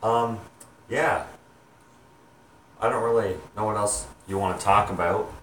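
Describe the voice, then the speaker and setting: A young man chatting to his viewers, rambling and halting with many ums and restarts. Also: fairly low pitch, fairly bright tone, echoey room, far from the mic, slight background noise. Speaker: vlogger, home haunt maker. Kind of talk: rambling casual chat to viewers.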